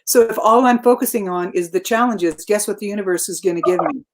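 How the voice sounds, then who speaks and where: A woman guest in a casual conversation, reflective, turning animated in her quoted asides. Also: medium pitch, quick pace, noisy background.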